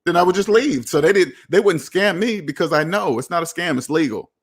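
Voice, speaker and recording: A man's voice: on the high side, a little fast, breathy edge. Emphatic man ranting about debt. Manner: emphatic, preachy, with sudden excited whoops. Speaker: personal finance host. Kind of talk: casual commentary reading viewer comments.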